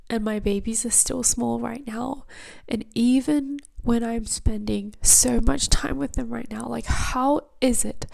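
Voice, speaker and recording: A woman in her thirties hosting a podcast, speaking softly in a half-whispered, tearful, reflective way. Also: a little high. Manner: soft, breathy, half-whispered delivery. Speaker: podcast host.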